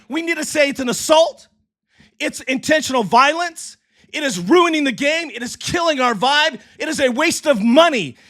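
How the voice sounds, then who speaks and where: A high-voiced sports livestream host rants heatedly on a desk mic, yelling and swearing as he does live commentary and reads chat. He's losing his voice.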